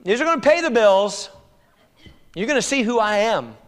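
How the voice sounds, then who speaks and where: A preacher voicing an assuring divine teacher. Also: male voice, high voice, lively intonation, moderate pace, voice pushed up. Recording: echoey hall reverb.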